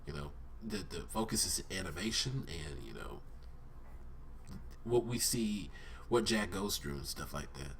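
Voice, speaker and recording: A man with a stuffy nose, giving a casual and excited spoken review as a vlogger, rambling and correcting himself as he goes. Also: sits low, measured pace, distant mic, a little hiss or hum. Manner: excited, rambling fan talk.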